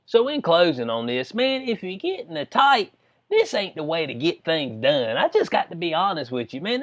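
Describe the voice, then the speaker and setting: A man talks in a casual, joking vlog style. His voice sits a bit high for a man. He reads lines from a news story, then breaks off to riff and laugh about it. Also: fairly bright tone. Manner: reads news aloud, then jokes and riffs with frequent laughs. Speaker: commentary vlogger.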